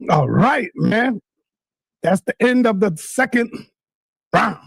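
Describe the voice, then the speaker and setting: A man moderating an online debate, briskly announcing rounds and keeping time. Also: high voice, lively intonation, gravelly, breathy edge, faint music behind. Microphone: video call.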